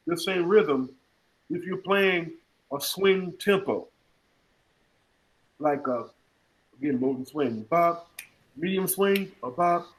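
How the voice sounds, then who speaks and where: A man teaching jazz articulation in an online clinic, breaking into scat syllables to demonstrate rhythms in a lively, humorous way over a video call. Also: a little high, takes it slowly, long pauses, a little hiss or hum, poor audio. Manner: scat-sings rhythm examples between explanations. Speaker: jazz music educator. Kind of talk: online music clinic lecture.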